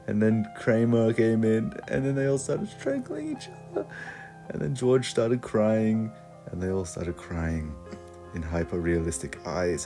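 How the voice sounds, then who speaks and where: Low mellow-voiced young man telling a tale. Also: a little slow, soft background music. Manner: rambling, full of "uh" and "and then". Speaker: creepypasta parody narrator. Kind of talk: deadpan comic horror storytelling.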